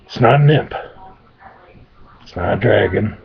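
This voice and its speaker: A man's voice: on the low side, expressive, measured pace, vocal fry. Man rambling through a crude made-up tale. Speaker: storyteller. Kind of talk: improvised rambling story. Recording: dull lo-fi sound.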